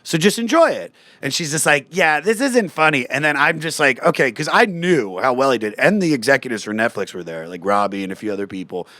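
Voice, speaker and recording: A man's voice: mid-range voice, brisk, hardly any pauses, no room sound. A man, a comedian, chatting on a podcast and acting out quoted lines in a raised voice. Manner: animated storytelling, acts out quotes in a raised voice. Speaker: guest comedian. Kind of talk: casual podcast chat.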